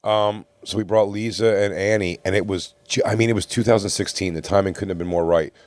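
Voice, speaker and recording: Brief: male podcast co-host, lowish voice, dry close mic, rambling swear-filled anecdote. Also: fairly quick, no room sound. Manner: rambling, profane, animated quoting of others. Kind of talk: casual storytelling among friends.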